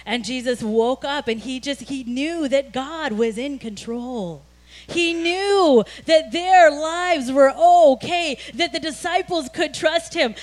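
A woman pastor giving a sermon in a conversational storytelling way, animated at times and full of "you know" and "like". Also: high-pitched. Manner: frequent fillers like "you know" and "like".

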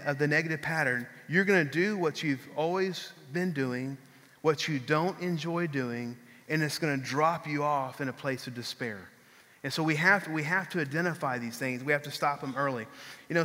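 A man in his fifties preaches a sermon with a high, bright voice, telling stories in a chatty, animated way. His words carry a long reverb from a large church hall. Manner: conversational storytelling, animated, acts out quotes. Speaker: pastor.

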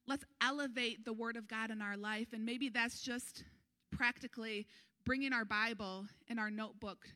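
A woman pastor preaching a sermon, earnest and animated, urging her congregation on. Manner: animated, acts out crowd voices with sudden high pitch.

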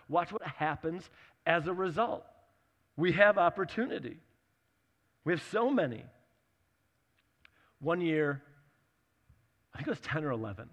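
Bright, chatty preacher man in a big echoing hall. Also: fairly high pitch. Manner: chatty, animated storyteller acting out the dialogue. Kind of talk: sermon with personal storytelling.

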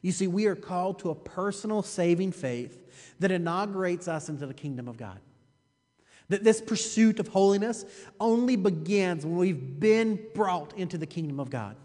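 A man's voice: sits high, animated, moderate pace, a little mellow, long reverb tail. A man preaching a sermon as pastor, emphatic and repeating his phrases for weight, often turning to the listeners with a rhetorical "you see.".

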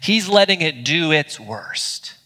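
A man's voice: a little high, very animated, takes it slowly, bright, forceful tone, big-room sound. A man preaching a sermon as pastor, earnest and conversational, with small restarts. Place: church auditorium.

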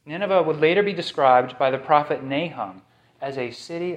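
A man's voice: fairly high pitch, normal speed. A man preaching a sermon as pastor, emphatic and fond of repeating key phrases for effect.

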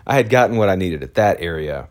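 Deep-voiced man rambling through a story. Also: lively intonation, quick pace. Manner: rambling, with many fillers and restarts. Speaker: photojournalist. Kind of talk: casual storytelling.

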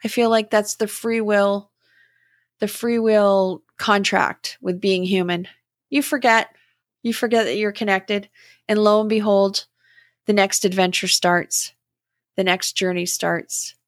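A middle-aged woman hosting a podcast, speaking in a slow, gentle and contemplative way about spiritual growth. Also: medium pitch, fairly even intonation, no echo, clean studio sound. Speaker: podcast host. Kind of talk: reflective spiritual talk.

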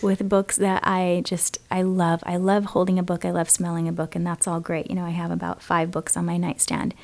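A woman's voice: fairly low pitch, completely flat delivery, a little fast, vocal fry, darkish tone. A woman co-hosting a podcast, talking in a chatty, enthusiastic way and laughing easily. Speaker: podcast co-host. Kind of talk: casual conversation.

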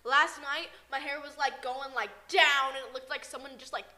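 A woman's voice: high-pitched, fairly even intonation, normal speed, bright, forceful tone. A teenage girl co-hosting a casual podcast, blunt and a bit sulky in her banter. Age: teens. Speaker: podcast co-host, daughter. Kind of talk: casual chat.

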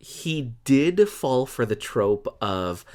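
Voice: medium pitch, sing-song, slow pace, darkish tone. A podcast co-host in casual chat, reacting animatedly and peppering talk with "like".

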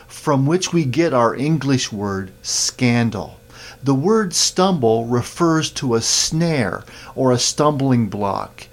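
A man preaching a sermon, reading scripture in a measured, emphatic way. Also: mid-range voice.

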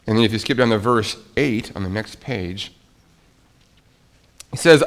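A man's voice: lowish voice, unhurried, long pauses. Man preaching with swelling, dropping intensity. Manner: dynamic, swings between soft hushed lines and loud emphatic ones. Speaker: pastor. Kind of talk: sermon.

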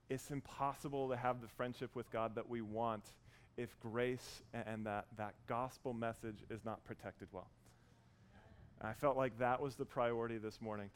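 A man in his thirties preaching a sermon, earnest and warm as he tells a story, with frequent restarts. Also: mid-range voice. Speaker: pastor.

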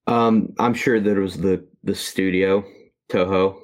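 A man co-hosting a podcast, reviewing a movie in casual chat, halting with many fillers and restarts. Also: low-pitched, fairly even intonation. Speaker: podcast co-host.

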